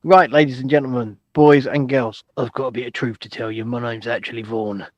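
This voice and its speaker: A man putting on a gruff faintly Australian voice. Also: mid-range voice, steady tone, brisk, no echo, dull audio, pitched below the performer's own voice, lightly acted. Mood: mock-serious. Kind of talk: comic impression in podcast chat.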